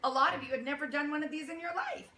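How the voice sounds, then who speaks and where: In an echoey room full of people, a woman directs a youth theater cast, laughing warmly and acting out their lines for them. Her voice is high and she talks fast. The audience murmurs and laughs, and there's a little hiss or hum on the recording.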